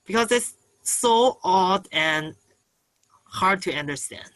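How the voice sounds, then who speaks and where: Halting Chinese-accented male student. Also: sits high, expressive, bright, forceful tone, dry recording, rough recording. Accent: Mandarin Chinese. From China. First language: Mandarin Chinese. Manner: halting, searching for words. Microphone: video call.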